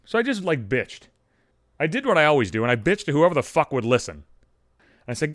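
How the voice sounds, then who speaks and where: A young man's voice, on the high side and very animated, races through a profane, exasperated comedic monologue full of swearing. Recorded at home on a studio microphone, his fairly bright tone comes across with studio quality and no room sound.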